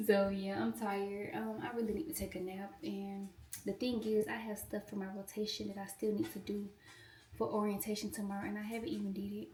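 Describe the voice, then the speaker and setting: A young woman in her twenties talks to her viewers in a relaxed, chatty way as she cooks in her home kitchen. She sits a little back from the microphone, so her voice sounds slightly distant. Her pitch sits in an ordinary middle range for a woman. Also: moderate pace. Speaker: pharmacy student vlogger. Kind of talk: casual chat. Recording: voice a bit far from the mic.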